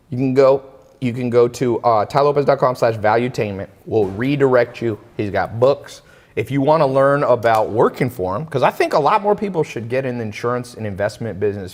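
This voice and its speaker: A man hosting an interview, telling a story in a casual, animated way. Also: mid-range voice, a little fast. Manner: animated, acts out quoted voices. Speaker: interview host. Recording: long hall reverb.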